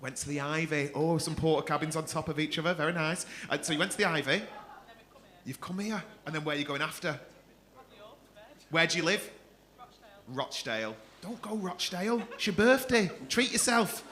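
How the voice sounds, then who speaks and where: A man's voice: fairly high pitch, normal speed, bright, forceful tone. A man hosting a comedy club, teasing the audience with sweary crowd-work banter.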